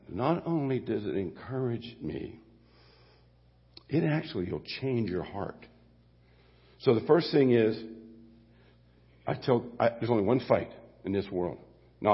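An older male pastor preaches in a folksy, rambling way and often restarts his sentences. His voice is gravelly and husky, with a long reverb trailing behind it. The audio sounds dull and lo-fi. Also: on the low side, animated, normal speed, long pauses. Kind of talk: sermon.

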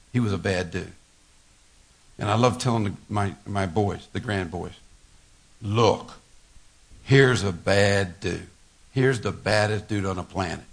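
Gravelly older man preaching folksy sermon. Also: fairly low pitch. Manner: folksy storytelling with laughter and repetitions. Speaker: pastor.

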